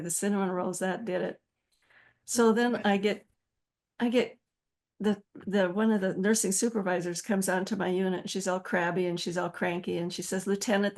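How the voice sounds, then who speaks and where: Older lady in her 70s spinning stories in an interview, laughs a lot, does little voices. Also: on the low side. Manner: animated storyteller, acts out quoted voices, laughs often. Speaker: interviewed author. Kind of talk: storytelling interview.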